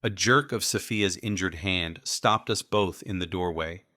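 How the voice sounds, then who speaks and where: A man narrating an audiobook in the first person with measured, even storytelling. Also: sits low, no room sound, clean studio sound.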